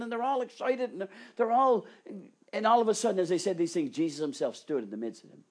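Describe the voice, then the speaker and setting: Preacher, sermon, mid pitch, dramatic delivery, soft whispers, fervent exclamations. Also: fairly quick. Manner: dramatic, swinging between hushed whispers and excited exclamation.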